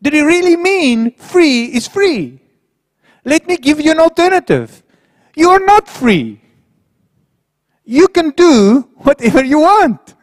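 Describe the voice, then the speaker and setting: A man's voice: extremely high pitch, big pitch swings, slow pace, pauses often, no echo, studio quality, long reverb tail, pitched above the performer's own voice, exaggerated voice. A man voicing a sly, tempting male devil who wheedles with insinuating questions.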